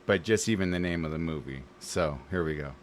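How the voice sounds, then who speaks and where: Rambling low-voiced man chatting about movies. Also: fairly quick, noisy background. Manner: rambling, full of likes and you knows. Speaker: movie reaction video host. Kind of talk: casual rambling commentary.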